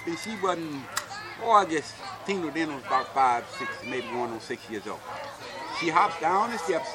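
A man's voice: fairly high pitch, animated, moderate pace, crowd noise. An older man, telling stories from his childhood in a folksy manner and often asking "see?". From Alabama, US. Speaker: interviewee. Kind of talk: oral history storytelling.

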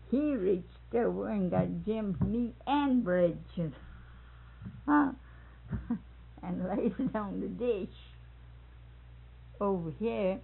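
A woman's voice: medium pitch, creaky, slight background noise. An older woman telling family stories, laughing often as she talks. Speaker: storyteller recalling family life. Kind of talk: casual oral history. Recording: tinny phone-like old tape.

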